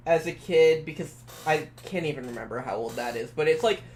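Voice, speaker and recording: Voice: mid-range voice, fairly quick, a little mellow, a little hiss or hum. A young adult guest on a stream, chatting casually in rambling, stop-start sentences with some swearing. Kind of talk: casual chat.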